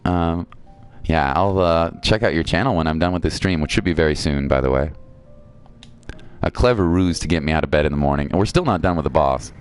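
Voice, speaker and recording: A man's voice: rumbling low, fairly quick, clean tone, soft background music. A man streaming a video game, chatting casually and reading viewer comments aloud. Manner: chatty, reads viewer chat aloud, reacts playfully.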